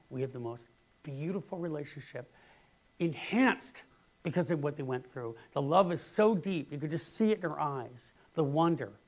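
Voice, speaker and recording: A male minister giving a sermon in an earnest way, dropping to hushed words and then rising to emphatic ones. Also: mid-range voice. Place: church sanctuary.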